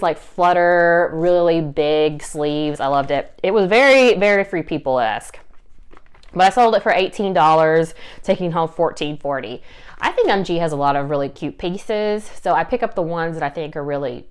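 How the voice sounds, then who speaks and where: A young woman with a Southern US accent talks casually to camera, upbeat and chatty, dropping little laughs and fillers as she goes. Her voice is smooth and clear and sits a little low. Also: moderate pace. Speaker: reseller vlogger.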